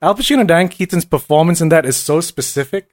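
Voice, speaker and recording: High, jokey man chatting. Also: animated. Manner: jokey, does quick impressions. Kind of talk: casual chat.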